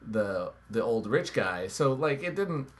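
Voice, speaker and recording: A man co-hosting a casual movie review chat, talking in halting bursts with many restarts and frequent laughs. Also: medium pitch, very animated. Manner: halting, full of fillers and restarts, laughs often. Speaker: podcast co-host.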